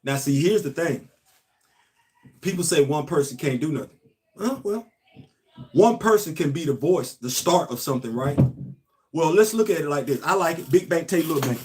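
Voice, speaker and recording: An emphatic male commentator, hammering points home through repetition. His voice sits a bit high for a man. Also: animated, normal speed, long pauses, a little mellow. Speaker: host. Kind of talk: casual commentary monologue.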